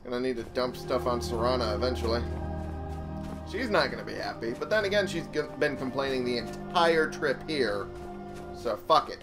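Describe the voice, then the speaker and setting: A man's voice: medium pitch, animated, normal speed. A young man giving casual, chatty gameplay commentary, thinking aloud and swearing freely. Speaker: let's play host. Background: game music.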